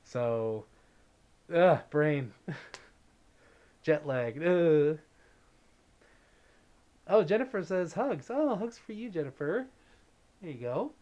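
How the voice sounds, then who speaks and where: A man's voice: fairly high pitch, expressive, drawn-out words, long pauses, a little mellow, lo-fi sound. Upbeat man chatting on a livestream. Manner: chatty and upbeat, greets viewers by name. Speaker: livestream host. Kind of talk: casual livestream chat, reading viewer comments.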